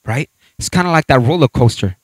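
A man preaching a sermon with animated storytelling, acting out voices and scenes as he talks. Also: mid-range voice, fairly quick, husky, no room sound.

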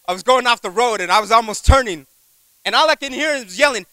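A man preaching a sermon in a conversational, animated way, telling a personal story, repeating words and asking the congregation for an amen. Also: very high-pitched, brisk, no room sound, poor audio. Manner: animated, acts out voices in his stories.

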